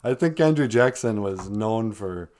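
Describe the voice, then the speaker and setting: A man's voice: lowish voice, animated, unhurried, a little mellow. A man hosting a podcast in casual, jokey chat, teasing his co-host and greeting listeners. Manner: jokey, teasing, calls people sweetie.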